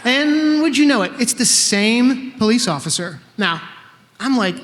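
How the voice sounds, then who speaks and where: A man's voice: high voice, lively intonation, normal speed, a bit bright, in a large hall. A man in his fifties telling a true story on stage in a conversational, wry way, acting out bits of dialogue. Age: 50s. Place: live event stage in a hall.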